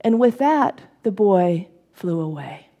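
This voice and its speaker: A woman's voice: medium pitch, big pitch swings, takes it slowly, dark tone. A woman minister giving a reflective sermon, building thoughts through repeated phrases and telling a parable. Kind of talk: sermon with guided storytelling.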